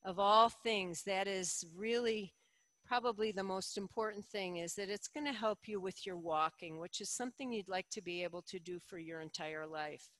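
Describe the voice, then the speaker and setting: A middle-aged woman leading a yoga class, giving calm, encouraging cues with slow, deliberate phrasing. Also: medium pitch, dry recording, rough recording. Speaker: yoga instructor. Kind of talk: guided yoga instruction.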